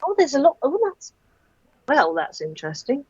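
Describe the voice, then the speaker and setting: A woman co-hosting a casual film watch-along, reacting to the screen with quick exclamations. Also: sits high, huge pitch swings, dry recording, highs cut off. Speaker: podcast co-host.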